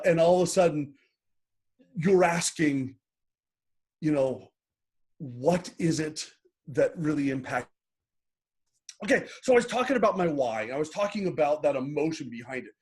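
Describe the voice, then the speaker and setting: A man's voice: fairly high pitch, animated, moderate pace, long pauses, darkish tone. Earnest middle-aged man telling his story. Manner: earnest, emotional, repeats words. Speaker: guest, happiness coach. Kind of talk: casual interview talk.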